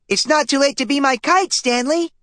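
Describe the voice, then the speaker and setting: Man putting on a squeaky eager little boy. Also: moderate pace, dry recording, clean studio sound. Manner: squeaky, excited.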